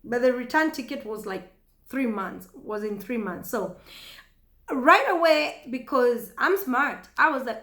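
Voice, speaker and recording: A woman with a Kenyan accent telling a story casually to camera, chatty and animated, often laughing. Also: high-pitched, a little slow. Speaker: vlogger. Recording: echoey room.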